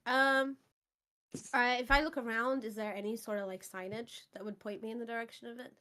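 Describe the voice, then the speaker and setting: A woman playing a tabletop role-playing game, speaking briskly and matter-of-factly. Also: a little high, fairly even intonation, sharp tone. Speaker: player. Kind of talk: casual tabletop role-play.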